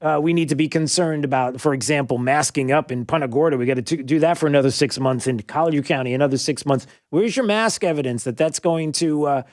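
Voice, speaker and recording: A man's voice: a little high, a little fast, hardly any pauses, darkish tone. A man hosting a call-in talk radio show, chatting and joking with callers and rambling through his points with frequent restarts.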